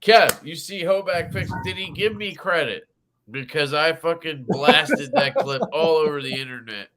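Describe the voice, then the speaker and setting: A man's voice: on the high side, normal speed, a crowd in the background. A man hosting a casual livestream chat, rambling and swearing freely while he laughs. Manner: profane, rambling, laughs often. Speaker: podcast host.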